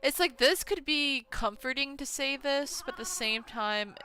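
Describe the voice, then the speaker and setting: A woman's voice: high voice, a little slow, bright, forceful tone. A woman streaming a game, chatting casually and expressively, swearing when frustrated and laughing often. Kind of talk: casual gameplay commentary.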